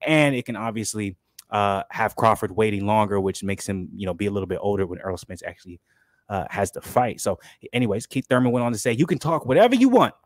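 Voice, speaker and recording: A man hosting a casual boxing commentary vlog, animated and opinionated, swearing freely. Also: lowish voice, quick pace, no room sound, studio quality. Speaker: boxing channel host.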